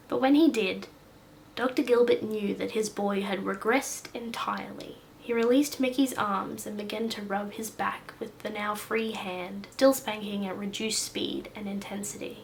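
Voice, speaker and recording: A woman narrating a story in a steady, even reading voice. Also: medium pitch, a little slow, creaky, a little hiss or hum, rough recording. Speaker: audiobook reader.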